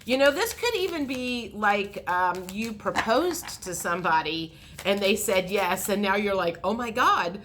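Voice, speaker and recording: A woman giving a tarot reading in a chatty way, repeating words and acting out the excited reactions she describes. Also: medium pitch, measured pace, few pauses, a little hiss or hum. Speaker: tarot reader. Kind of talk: intuitive tarot reading monologue.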